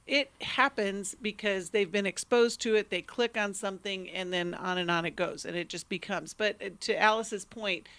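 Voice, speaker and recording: A woman with a mid-range voice co-hosts a call-in advice show. She talks gently and empathetically, reassuring a caller and explaining things in plain terms. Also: medium pitch, normal speed, hardly any pauses. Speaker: radio co-host.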